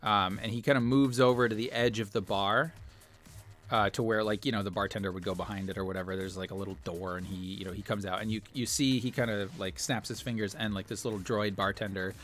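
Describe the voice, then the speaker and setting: A man's voice: lowish voice, steady tone, fast talker, a bit bright, soft background music. A man narrating as game master in a tabletop game, rambling with many fillers.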